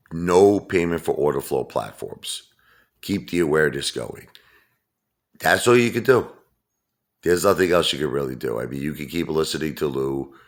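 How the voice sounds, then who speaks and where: Brash deep-voiced man ranting. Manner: brash, mocking, repetitive ranting. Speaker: channel host. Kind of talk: ranting vlog monologue.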